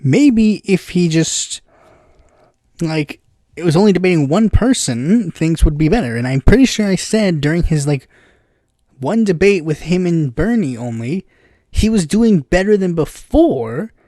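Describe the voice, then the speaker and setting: A man's voice: high-pitched, expressive, unhurried, warm tone, no room sound, studio quality. A man hosting a casual political commentary podcast, rambling with lots of fillers and bursts of exasperated impressions.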